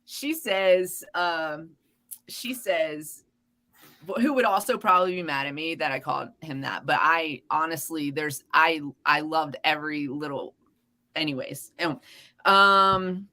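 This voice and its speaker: A woman's voice: sits low, measured pace. A woman co-hosting a casual podcast, telling stories with lots of laughter and swearing, and she calls her listeners "y'all". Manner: animated storyteller, laughs often, swears freely. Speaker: podcast co-host. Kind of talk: casual chat.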